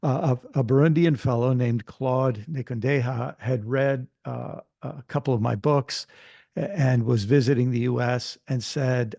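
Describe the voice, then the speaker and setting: Older guy on a panel, gravelly voice, dry close sound, thoughtful storytelling. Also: mid-range voice, fairly even intonation, mellow, no room sound. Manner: measured, reflective storytelling with small restarts. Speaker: panelist, Christian author.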